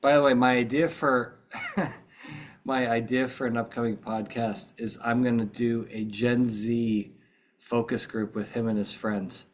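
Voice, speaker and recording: A man's voice: medium pitch, fairly even intonation, a little slow. A middle-aged American man hosting a podcast in casual chat, groggy from just waking up, rambling and chatty with many restarts. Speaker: podcast host.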